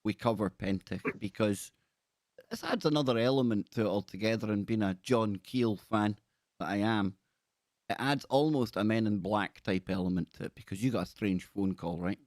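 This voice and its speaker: A man's voice: fairly low pitch, normal speed, no echo, clean studio sound. A man hosting a podcast interview, chatting enthusiastically and reading out comments from listeners. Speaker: podcast host. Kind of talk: casual interview chat.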